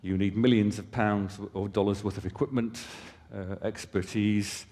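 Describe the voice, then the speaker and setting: On a conference hall stage, a company presenter with a slightly low voice explains things in a relaxed, conversational way at a moderate pace, tossing off asides to the audience. A long hall reverb trails each phrase.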